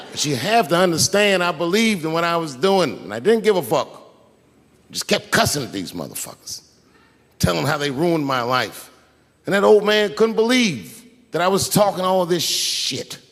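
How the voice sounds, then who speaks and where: A male comedian works a large theater stage with a handheld mic, spinning a profane, chatty story toward its punchlines. His voice sits a little high and leaps up and down with lively swings. A long hall reverb trails every phrase. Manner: profane, conversational, building stories to punchlines. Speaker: stand-up comedian. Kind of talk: stand-up storytelling.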